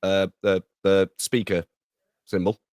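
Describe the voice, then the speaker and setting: A man co-hosting a podcast pre-show, casually talking through software settings with lots of ums and easy laughter. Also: deep voice, level tone, slow pace, clean tone, dry recording, clean studio sound. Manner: laughs easily, explains tech with many ums. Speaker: podcast co-host.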